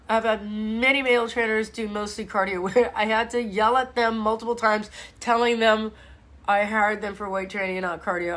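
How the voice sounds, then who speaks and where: A woman's voice: fairly high pitch, fairly bright tone. A middle-aged woman, a personal trainer, talking bluntly and profanely in a casual live stream. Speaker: personal trainer and fitness instructor.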